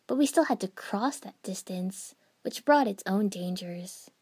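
A woman narrating a first-person fan fiction story in an even storytelling manner. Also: mid-range voice, measured pace, slightly rough.

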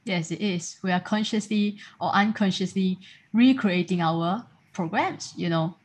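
A woman's voice: on the low side, unhurried. A woman hosting a podcast, asking her guest long, encouraging questions. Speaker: podcast host. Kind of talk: interview questions.

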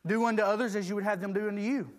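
A man's voice: high voice, steady tone, racing. A man preaching a sermon, reading scripture aloud and asking the congregation for agreement.

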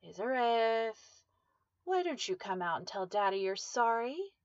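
A woman's voice: on the high side, a little slow, a bit bright, dry recording, muffled recording. A woman voicing a menacing, possessive man who taunts in a mock-sweet way. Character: menacing, possessive man, cooing then angry.

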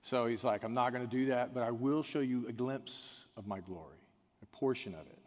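Male pastor, sermon delivery, medium pitch, long church-hall reverb, dynamic from hushed to shouting. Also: normal speed. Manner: swings from quiet and intimate to loud, shouted emphasis.

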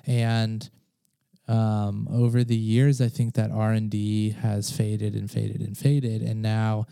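A man's voice: fairly low pitch, monotone, slow pace, creaky, warm tone, clean tone, no echo. A man hosting a podcast, talking casually, laughing often and swearing freely. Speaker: podcast host. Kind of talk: casual conversation.

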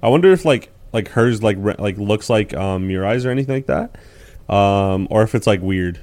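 A man's voice: fairly low pitch, expressive, normal speed. A man co-hosting a casual anime discussion, swearing freely and joking around. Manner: loud, profane, jokey. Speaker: podcast co-host.

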